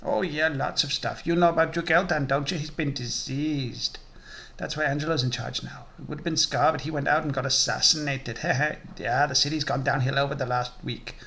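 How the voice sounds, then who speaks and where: A man voicing a sly prisoner in a game, speaking slowly with a creepy, giggling manner. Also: fairly high pitch, fairly even intonation, gravelly, sharp tone. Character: sly, giggling male prisoner who is a killer.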